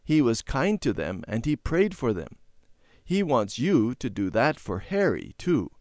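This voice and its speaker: A man voicing a patient mother calmly explaining things in a children's storybook reading. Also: medium pitch, unhurried, no room sound, studio quality. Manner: calm, explaining. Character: patient mother, gentle teaching voice.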